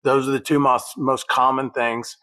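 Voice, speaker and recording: A man's voice: mid-range voice, level tone, normal speed, pushed and bright, rough recording. A man co-hosting a livestream who chats casually and walks through steps in an easygoing way. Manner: easygoing, explains step by step. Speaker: livestream co-host.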